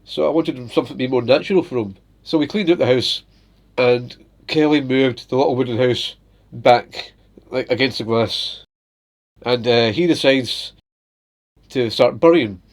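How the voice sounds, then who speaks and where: A young adult man tells everyday stories in a relaxed, chatty vlog. His voice sits at a middle pitch, and he laughs easily while he talks, jumping into playful little voices for the characters in his stories. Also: moderate pace. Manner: animated, laughs often, puts on little voices for his pet. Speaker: vlogger. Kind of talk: casual storytelling.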